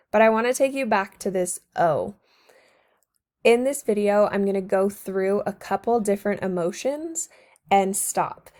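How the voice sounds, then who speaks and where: A woman's voice: mid-range voice, darkish tone. A woman teacher narrating a recorded slideshow lesson to her students, patient and encouraging, speaking to them directly.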